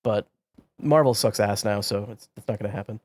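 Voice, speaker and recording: A man's voice: lowish voice, brisk, darkish tone. A young man co-hosting a casual podcast, giving blunt, profane opinions. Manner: blunt, swears freely. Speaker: podcast co-host. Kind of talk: casual chat.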